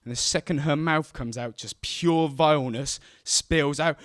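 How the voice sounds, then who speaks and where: A man's voice: on the high side, measured pace, hardly any pauses, no echo. Guy telling a true story live, does all the voices, pretty dry sound. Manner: acts out quoted voices, shouting and mimicking.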